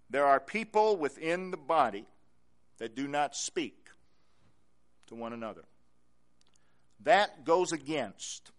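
A male pastor preaching a sermon in a church, repeating key phrases and swinging from quiet to loud. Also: fairly high pitch.

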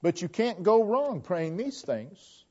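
A man's voice: sing-song, takes it slowly, darkish tone. Earnest preaching man, lo-fi recording. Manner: earnest, repeats key phrases, rises to emphatic peaks then drops low. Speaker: pastor. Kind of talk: sermon. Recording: dull lo-fi church recording.

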